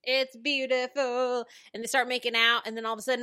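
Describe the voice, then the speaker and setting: A woman co-hosting a casual chat, recapping a story in an animated way with swearing and playful voices for quotes. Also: on the high side, brisk, clean tone. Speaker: podcast co-host.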